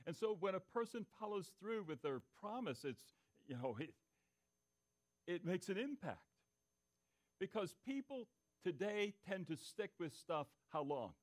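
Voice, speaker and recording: A man's voice: high-pitched, big pitch swings, a little slow. A man preaching a sermon, asking the congregation to call out answers and repeating key phrases for emphasis. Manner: interactive, asks the congregation for answers. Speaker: pastor.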